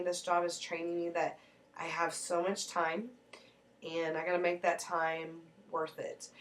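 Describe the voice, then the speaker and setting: A woman's voice: fairly low pitch, a little hiss or hum. Earnest woman talking faith, slightly distant. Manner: earnest, heartfelt, rambling with restarts. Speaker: mother sharing faith reflections. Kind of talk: personal faith vlog.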